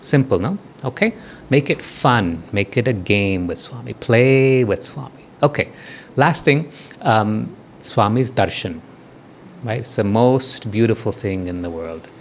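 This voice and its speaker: A man giving a devotional talk and guided meditation, speaking gently and often checking in with listeners. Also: on the low side, expressive, a little hiss or hum. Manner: slow, soothing meditation guidance. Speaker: spiritual teacher.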